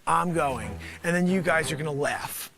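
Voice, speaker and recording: High, bright-voiced man riffing a comedy bit. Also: lively intonation, normal speed, gravelly. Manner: rambling, absurd, jokey; bursts into loud whooping. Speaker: improv comedy host. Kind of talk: improvised mock news report.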